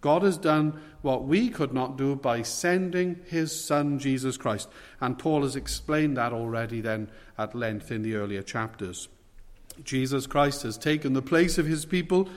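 A man preaching an expository sermon in a measured, earnest way, leaning hard on key words. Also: medium pitch, big-room sound.

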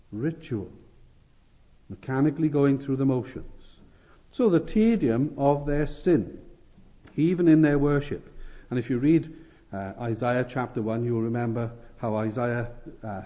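A man's voice: mid-range voice, muffled recording. A man preaching an expository sermon, earnest and emphatic, often repeating phrases and restarting lines.

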